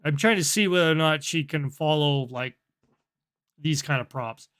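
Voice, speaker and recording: A man's voice: on the high side, normal speed, fairly bright tone. A man recapping his chats with an app in a casual, amused and dry way, chuckling as he goes. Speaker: vlogger reviewing an app.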